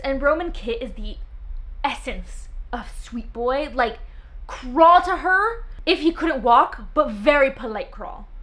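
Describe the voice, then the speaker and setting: A young woman chatting casually as a book vlogger, gushing and excitable about her favorite reads. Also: sits high.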